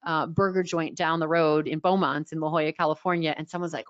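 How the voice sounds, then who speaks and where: A middle-aged woman from New York with a slightly raspy voice and a New York accent, coaching a webinar audience with lively energy and repeated key words. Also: sits low, a little fast, no echo. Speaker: social media coach. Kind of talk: webinar teaching. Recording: dull, dry sound.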